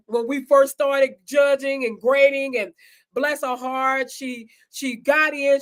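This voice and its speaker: A woman hosting a casual live online chat, talking chattily to her audience and guest over a video call. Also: high voice. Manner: chatty, animated, addresses audience as "y'all". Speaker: host.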